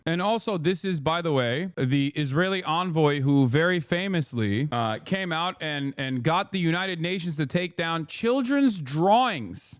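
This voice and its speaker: A man's voice: on the high side, expressive, normal speed, hardly any pauses, smooth, no room sound, studio quality. A man hosting a livestream, ranting in profane, sarcastic commentary. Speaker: streamer host.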